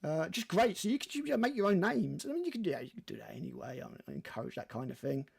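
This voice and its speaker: A man's voice: a little high, sing-song, fast, creaky, darkish tone, slightly rough. An older man co-hosting a casual podcast chat, ranting with frequent swearing and lots of fillers. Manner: ranting and profane, many fillers. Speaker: podcast co-host.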